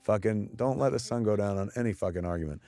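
A man talking through his own film in casual commentary, excitable and swearing often, restarting his sentences as he goes. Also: on the low side, quick pace, dry recording. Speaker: filmmaker giving audio commentary.

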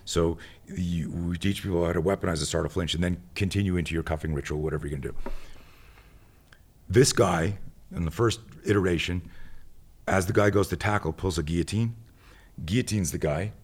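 A man's voice: low-pitched, a little fast, husky. A man who works as a tactical instructor, telling a rambling story in casual conversation and acting out the people in it. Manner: rambling, goes off on tangents; acts out the people in his stories.

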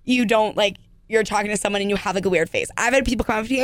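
A woman's voice: mid-range voice, rapid-fire, no room sound. A young woman in her twenties hosting a casual podcast, rambling with many fillers and restarts. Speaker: podcast host.

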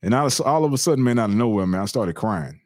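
A middle-aged man hosting a podcast, telling a personal story in an earnest, animated, slangy way. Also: on the low side, quick pace, no room sound, clean studio sound. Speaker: podcast host. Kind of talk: casual storytelling chat.

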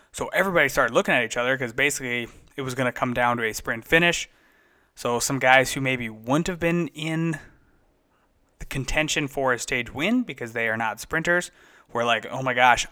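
A man's voice: mid-range voice, sharp tone, clean tone. A man casually recapping bike races as a podcast host, chatty and enthusiastic, sometimes correcting himself. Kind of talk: casual race recap commentary.

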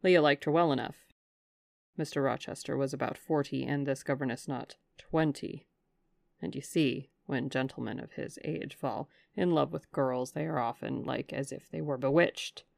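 A woman's voice: extremely low pitch, steady tone, moderate pace, gravelly, no room sound, clean studio sound, pitched below the performer's own voice. A woman voicing a respectful middle-aged man, a former butler who tells a story in a confiding, deferential way. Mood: gossiping.

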